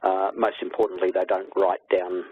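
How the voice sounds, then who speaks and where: A man's voice: sits low, level tone, breathy edge. A man, co-presenting a teaching webinar and chiming in with short remarks. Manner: adds quick remarks and asides. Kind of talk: conversational webinar discussion. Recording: tinny phone-like webinar audio.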